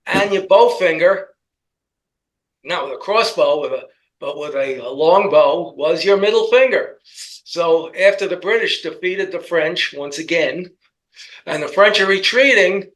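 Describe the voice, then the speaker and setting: A man's voice: sits high, measured pace, fairly bright tone, low-quality recording. A man with a New York accent in casual political commentary, telling rambling stories with jokes. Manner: rambling joking storyteller.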